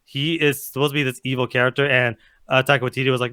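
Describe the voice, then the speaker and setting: A man's voice: mid-range voice, little pitch movement, fast talker, bright, forceful tone, no echo, studio quality. A man co-hosting a casual chat, giving rambling, emphatic opinions full of fillers. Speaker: co-host, TV reviewer.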